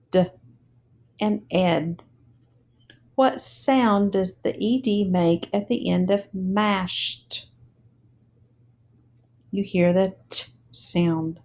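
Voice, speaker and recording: A woman teaching a phonics lesson, speaking slowly and deliberately and spelling words out letter by letter. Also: medium pitch, a little mellow.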